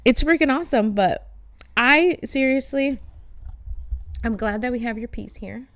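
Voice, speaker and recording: Chatty high-voiced woman host. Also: measured pace, a bit bright, dry recording. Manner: chatty, swears freely, lots of fillers. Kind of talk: casual conversation. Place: art studio shop.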